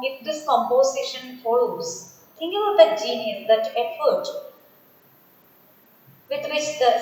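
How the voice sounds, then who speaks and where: A woman teaching a poetry class online, her slightly high voice unhurried and deliberate as she restates each point. The sound carries a heavy echo with a long reverb tail, as if from a bare, hard-walled room. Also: a little mellow. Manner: slow, deliberate, repeats and restates words. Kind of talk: online lecture.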